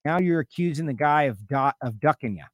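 A man's voice: fairly high pitch, lively intonation, fairly quick, no room sound, studio quality. A man hosting a radio talk show, chatting casually and teasing his co-host with rambling asides.

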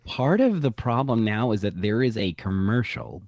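A man with a lowish voice co-hosts a casual podcast, wandering chattily through his stories. The sound is dry and close, with no room around him. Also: sing-song, normal speed, a little mellow, no echo. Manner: rambling, chatty storyteller. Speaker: podcast co-host. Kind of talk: casual chat.

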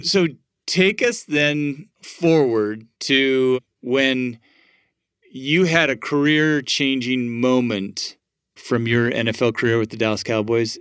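A man hosting an interview and reading scripted narration in a measured, steady way. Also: mid-range voice, clean tone, no echo, clean studio sound. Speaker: host and narrator.

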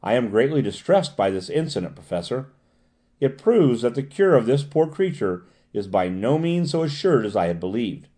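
A man reading the part of a self-assured asylum doctor in an audiobook, measured and formal. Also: medium pitch, big pitch swings, mellow, lightly acted.

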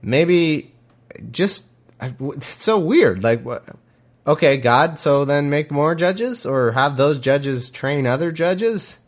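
A man giving sarcastic, irreverent commentary between readings, often halting and restarting his sentences. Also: on the high side, animated. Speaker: podcast host reading scripture.

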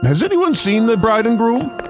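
An actor playing a male wedding officiant in a radio ad, solemn then lively. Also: very high voice, moderate pace. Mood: ceremonial. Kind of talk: radio ad acting. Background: music.

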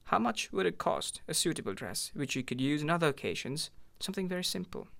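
A man's voice: a little high, sing-song, quick pace, creaky, fairly bright tone, pitched above the performer's own voice, exaggerated voice. A man voicing an eager, fumbling young clerk husband in a story reading.

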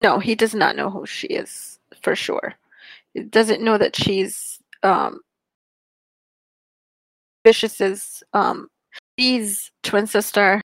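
A woman chatting casually about books in a thoughtful, measured way with some fillers. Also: medium pitch, steady tone, dry recording, poor audio. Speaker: podcast co-host discussing books. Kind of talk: casual chat.

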